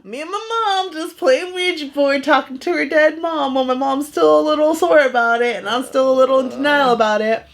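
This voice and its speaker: A woman's voice: sits high, a little fast, hardly any pauses. A woman in her thirties, a podcast co-host telling stories in a casual chat, full of "like" fillers, recorded in a garage. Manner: chatty, heavy on "like" fillers.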